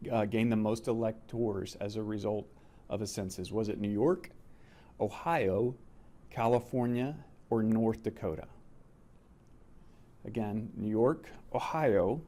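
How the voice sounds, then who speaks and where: Mellow-voiced man hosting a quiz. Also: on the low side. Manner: reads questions slowly and repeats them. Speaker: quiz host. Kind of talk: casual quiz show chat.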